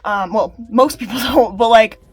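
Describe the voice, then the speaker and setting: Young female commentator, higher-pitched, breezy and emphatic delivery. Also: moderate pace. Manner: chatty, emphatic, laughs mid-sentence. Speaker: commentary YouTuber. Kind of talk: casual commentary.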